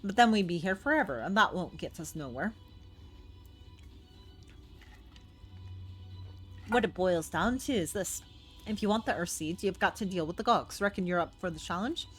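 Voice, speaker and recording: Woman putting on a gruff old dwarf chief. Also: lowish voice, animated, brisk, faint music behind, natural voice. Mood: grumbling. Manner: put-on rough folksy accent, plain-spoken. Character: gruff older male dwarf chief, blunt and proud.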